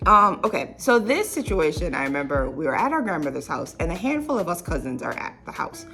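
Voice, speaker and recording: A woman's voice: deep voice, sing-song, brisk, bright, forceful tone, faint music behind. A young woman vlogger telling a childhood story in a casual, rambling way, full of fillers and little laughs.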